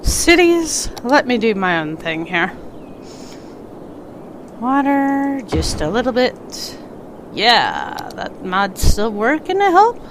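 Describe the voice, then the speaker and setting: A woman's voice: a little high, huge pitch swings, takes it slowly, slight background noise. A congested woman casually chatting on a live stream while she plays a city-building game, rambling and talking back to the game. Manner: rambling, talks to the game and a pet. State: congested, stuffy.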